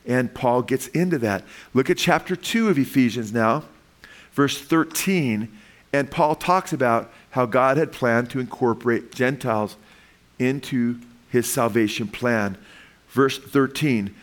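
A man preaching a sermon as pastor, reading scripture slowly and rising in pitch and volume to stress points, asking the congregation questions. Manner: reads verses slowly, asks the congregation questions.

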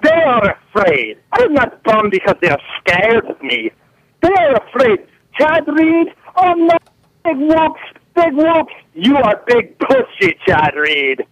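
Over the phone, a man puts on a grandiose fake Italian accent as a bragging team boss, gloating and issuing threats in broken English as a prank. He talks slowly at an extremely high pitch with big swings, and his tone is a bit bright. The performance is fully in character, and there's no echo.

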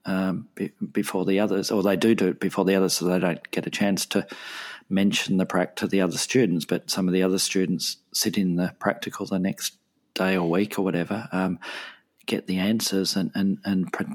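A man's voice: low-pitched, little pitch movement, a little fast. A middle-aged man co-hosting a podcast in casual chat, hesitant, with many ums and restarts. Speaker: podcast co-host.

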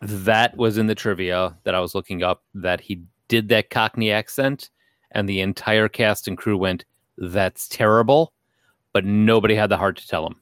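A man's voice: lowish voice, fairly even intonation, moderate pace, a bit bright, clean tone, dry recording, clean studio sound. A man hosting a casual podcast chat, jokey and swearing now and then as he leads the show. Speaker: podcast host.

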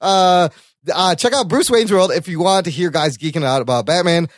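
A man co-hosting a podcast in casual chat. He is chatty and animated, laughs often and swears casually. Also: high-pitched, normal speed, no echo, studio quality. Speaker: podcast co-host.

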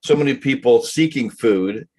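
A podcast co-host who is also a coach speaks in a mellow, mid-range voice at a moderate pace. Chummy and encouraging, he laughs along and eggs his partner on in a casual chat.

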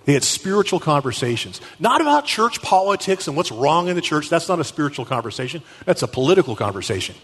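A man giving an animated storytelling talk at a Catholic conference, acting out the people he quotes. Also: on the high side, quick pace, hardly any pauses, husky. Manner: animated, acts out quotes with shifting voices. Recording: echoey hall.

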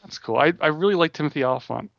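A man co-hosting a casual podcast chat, rambling quickly with frequent restarts. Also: a little high, lively intonation, vocal fry, no room sound. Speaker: podcast co-host. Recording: dull dry close-mic audio.

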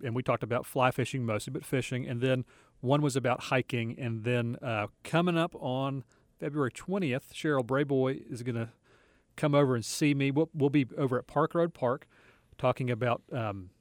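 A man co-hosting a radio show from a studio, talking in a relaxed, easygoing way. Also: mid-range voice, moderate pace, dry recording. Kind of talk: casual radio chat.

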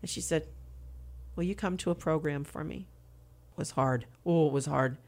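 A woman's voice: low voice, normal speed, vocal fry, darkish tone. A woman telling her personal faith testimony as an interview guest, earnest and candid.

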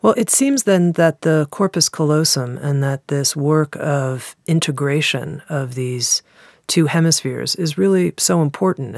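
A woman hosting a podcast, asking an interview question in measured, drawn-out phrases. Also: low-pitched, creaky, no echo, studio quality. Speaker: podcast host.

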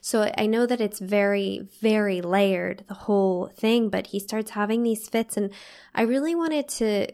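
A woman interviewing a guest, asking gentle, searching questions with halting phrasing. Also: mid-range voice.

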